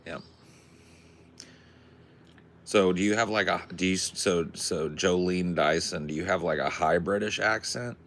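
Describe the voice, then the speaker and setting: A male podcast host chatting casually, crude and joking, with an animated delivery. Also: low-pitched, a little slow, pauses often, slight background noise.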